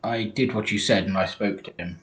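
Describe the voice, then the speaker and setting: Deep-voiced man playing a tabletop game. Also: steady tone, a little fast. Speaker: player. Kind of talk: casual tabletop play.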